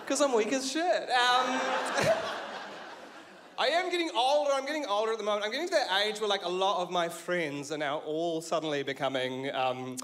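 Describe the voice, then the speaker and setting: A man's voice: high voice, moderate pace, fairly bright tone. A man from New Zealand in his thirties with a New Zealand accent, doing a self-deprecating stand-up set on stage. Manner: wry, self-deprecating, laughing at his own lines. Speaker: stand-up comedian.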